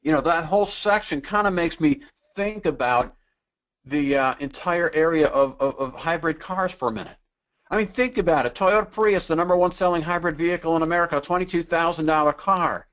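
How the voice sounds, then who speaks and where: A man's voice: on the high side, brisk, a bit bright, highs cut off. A man giving a sales training webinar in a conversational way, tossing out rhetorical questions and acting out customers in quoted voices.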